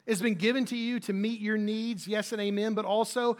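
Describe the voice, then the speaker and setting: A man's voice: high voice, flat delivery, brisk. A man pastor giving a conversational sermon, with frequent restarts and fillers.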